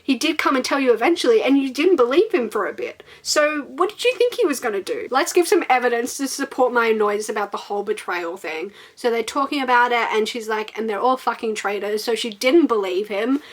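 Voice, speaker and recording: A woman's voice: on the high side, lively intonation, brisk, few pauses. A young woman giving a casual, sarcastic book review, exasperated and swearing freely while reading quotes mockingly.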